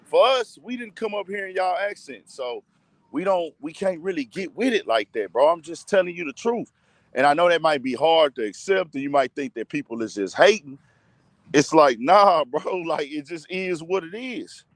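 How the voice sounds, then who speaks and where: A man's voice: fairly high pitch, lively intonation, moderate pace, dry recording. A man with a Texas accent hosting a casual commentary show, ranting emphatically and addressing his audience directly. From Texas, USA.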